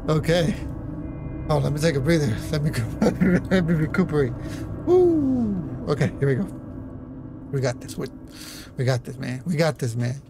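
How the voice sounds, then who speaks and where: A man doing let's play commentary on a horror game, jumpy and apologetic, with nervous laughs and a lot of swearing. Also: fairly high pitch. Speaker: gamer.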